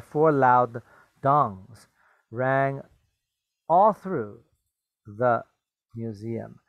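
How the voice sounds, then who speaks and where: Slow, patient man teaching vocabulary. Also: medium pitch, no room sound, muffled recording. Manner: patient, explains words slowly with checking questions. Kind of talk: reading a story aloud and explaining vocabulary.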